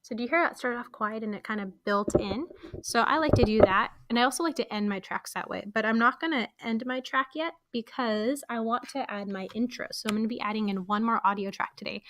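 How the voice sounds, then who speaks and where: A woman's voice: mid-range voice, a bit bright, no room sound, clean studio sound. A woman explaining podcast editing in a casual screen-recorded tutorial, walking through each step with friendly fillers. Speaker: teacher showing podcast editing.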